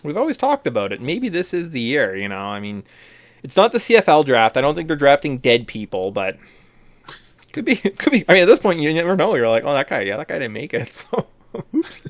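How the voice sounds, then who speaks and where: A man's voice: a little high, wildly swooping pitch, fairly quick, no echo. A man co-hosting a casual sports podcast, rambling through his points with frequent restarts. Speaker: podcast co-host.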